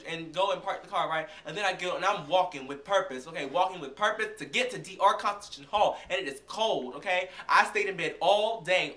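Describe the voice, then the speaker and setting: High, fast-talking young man vlogger. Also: reverberant. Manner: animated, chatty, acts out dialogue. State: recovering from illness. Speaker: vlogger reviewing a concert. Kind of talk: casual storytelling.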